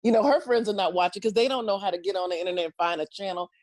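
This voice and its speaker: Full of energy, this middle-aged comedian tells stories as an interview guest, laughing frequently and slipping into other people's voices and quotes. She talks rapid-fire in a mid-range voice, with no room sound.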